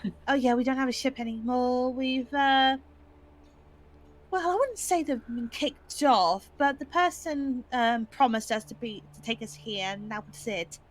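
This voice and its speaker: A woman playing in a tabletop game, enthusiastic and animated. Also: high voice, unhurried, low-quality recording. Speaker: player.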